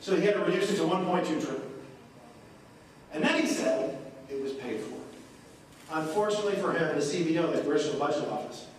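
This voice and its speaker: A man's voice: fairly high pitch, animated, brisk, long pauses, a little hiss or hum. A man giving a punchy, joking town hall speech as a congressman. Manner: punchy, joking, folksy delivery. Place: courthouse meeting room. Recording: echoey live room from far off.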